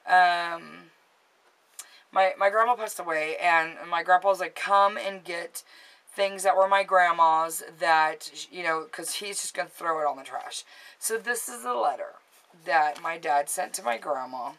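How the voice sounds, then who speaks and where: A woman's voice: fairly low pitch, measured pace, a bit bright, poor audio. A woman in her late thirties chatting casually in a show-and-tell vlog, rambling and restarting, sentimental and easily moved. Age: late 30s. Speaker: vlogger.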